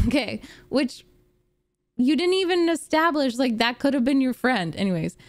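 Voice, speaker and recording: A woman's voice: sits high, lively intonation, moderate pace, dry recording. A woman streamer telling a funny story in a casual way, laughing often between lines. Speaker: gaming streamer.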